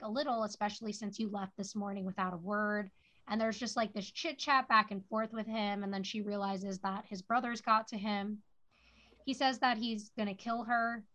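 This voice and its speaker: A woman's voice: mid-range voice, a bit bright. A woman co-hosting a podcast, recapping a TV episode in casual chat, full of "like" fillers. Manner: chatty, lots of "like" fillers. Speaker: podcast co-host. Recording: dull lo-fi audio.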